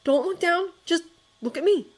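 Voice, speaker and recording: A woman's voice: extremely high pitch, expressive, moderate pace, pitched above the performer's own voice. A woman reading a fan story, voicing a young male winter spirit who speaks in an urgent, coaxing and nervous way.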